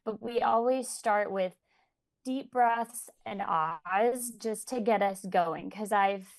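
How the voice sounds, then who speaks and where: A woman speech therapist, a guest on a podcast, describing her approach in a steady, practical way. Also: mid-range voice, slow. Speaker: speech-language pathologist, guest. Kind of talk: casual conversational interview.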